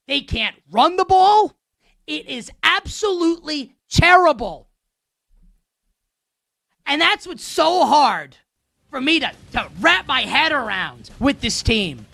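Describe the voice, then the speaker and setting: A woman's voice: high voice, sharp tone, no room sound, studio quality. A woman hosting a sports show, ranting with heated sarcasm.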